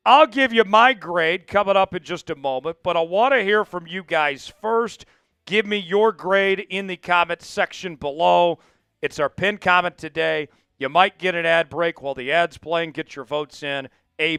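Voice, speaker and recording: A man hosting a live sports talk show, speaking to viewers with an energetic, hyped delivery. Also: on the high side, smooth, dry recording. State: voice cracking, coughing fits.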